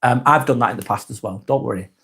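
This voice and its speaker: A man hosting a live stream, reading viewers' comments aloud and chatting back in a relaxed, easygoing way. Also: mid-range voice, quick pace, gravelly, husky. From England. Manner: laid-back, chatty, trails off softly at phrase ends.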